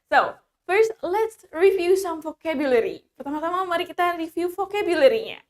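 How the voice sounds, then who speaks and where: High-voiced Indonesian woman teaching English. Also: animated. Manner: repeats each line in two languages, slow and clear in English. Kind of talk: bilingual English lesson.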